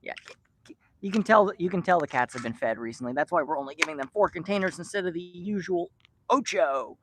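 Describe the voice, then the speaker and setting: Chatty man with a lively, swooping voice. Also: a little high, a little fast, slight background noise. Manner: rambling, affectionate, talks to the cats by name with playful teasing. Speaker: vlogger feeding rescued street cats. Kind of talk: casual chat to camera and to cats. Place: outdoors by a shipping container.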